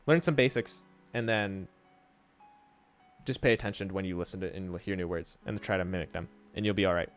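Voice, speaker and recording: A man's voice: low voice, moderate pace, pauses often, faint music behind. A man streaming and teaching Japanese, answering viewers' questions in a casual, thinking-aloud way and often checking in with "right?". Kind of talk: casual livestream talk to chat.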